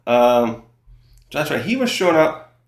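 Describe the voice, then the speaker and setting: A man's voice: mid-range voice, very animated, moderate pace. A man reviewing a comic chapter in casual chat, rambling with many fillers, self-corrections and frequent chuckles. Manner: laughs often while recapping. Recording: roomy echo.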